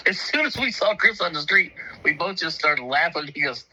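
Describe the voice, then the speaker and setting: Husky, laughing storyteller man. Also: a little high, lively intonation, normal speed, long pauses, bright, forceful tone, poor audio. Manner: profane, laughing often, acts out voices in his story. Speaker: storyteller on a talk show. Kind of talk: casual storytelling.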